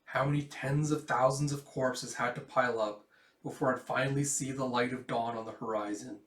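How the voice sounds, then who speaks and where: A man's voice: medium pitch, fairly even intonation, moderate pace, a bit bright, distant mic, lightly acted. A man reading as a grim young soldier. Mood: brooding. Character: grim young male soldier remembering the war. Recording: echoey room.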